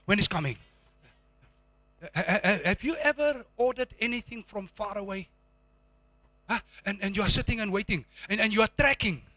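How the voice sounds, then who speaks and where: A man's voice: high-pitched, normal speed, long pauses, pushed and bright, no echo. A middle-aged man preaching a sermon to a congregation, emphatic and repetitive, with call-and-response prompts. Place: church before a live congregation.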